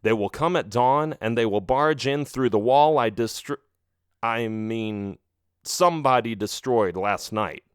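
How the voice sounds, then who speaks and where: A man's voice: mid-range voice, measured pace, clean tone, dry recording, studio quality, close to an everyday voice. A man voicing a young male skeleton hero in a children's audiobook, urgent and agitated.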